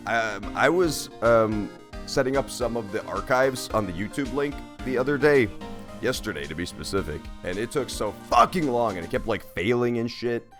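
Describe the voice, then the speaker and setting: A man's voice: mid-range voice, lively intonation, normal speed, over music. A man giving casual, profane, rambling gameplay commentary while streaming. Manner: rambling, swears a lot, jokey. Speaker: let's play streamer.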